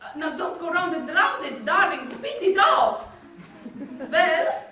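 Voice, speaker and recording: An actress plays a fussy, doting mother who gushes with high, swooping endearments on a stage play. The voice rings out from far across an echoey hall over a hum of background noise. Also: sing-song, slow, sharp tone, exaggerated voice. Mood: overjoyed. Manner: effusive, theatrical, doting endearments. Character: gushing middle-aged mother, fussy landowner.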